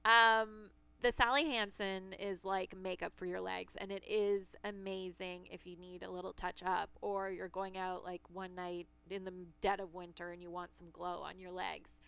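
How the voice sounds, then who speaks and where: A woman's voice: lowish voice, flat delivery, normal speed, gravelly, few pauses, bright, forceful tone, smooth. A woman in her thirties co-hosting a casual beauty chat, telling stories with frequent laughs. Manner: chatty storyteller, laughs often. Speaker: podcast co-host.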